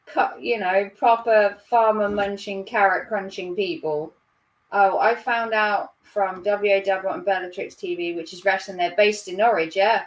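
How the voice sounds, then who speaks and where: A woman's voice: mid-range voice, steady tone, moderate pace, recorded from a distance. A woman in her thirties with a Norfolk accent, a livestream host chatting casually with viewers in a giggly, self-mocking way. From Norfolk, England. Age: 30s. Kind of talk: casual chat reading viewer comments.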